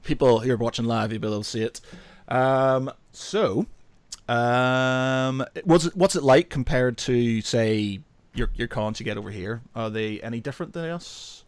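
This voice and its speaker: A man's voice: medium pitch, moderate pace, smooth, dry recording. A man from the UK hosting a podcast. He talks casually, laughs often and hesitates with "uh" and "um". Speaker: podcast host. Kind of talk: casual chat. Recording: dry close-mic podcast.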